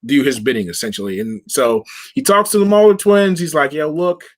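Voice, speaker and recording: A man co-hosting a casual chat show, retelling episodes with lots of slang and quick quoted asides. His voice sits at an ordinary middle pitch, and he keeps the talk loose and lively. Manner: animated, slangy, laughs often, acts out characters' lines. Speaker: podcast co-host.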